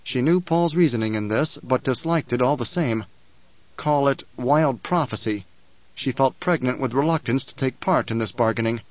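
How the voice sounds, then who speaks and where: Male audiobook narrator, measured delivery, medium pitch, dry, slightly muffled recording. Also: no room sound. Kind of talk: scripted narration.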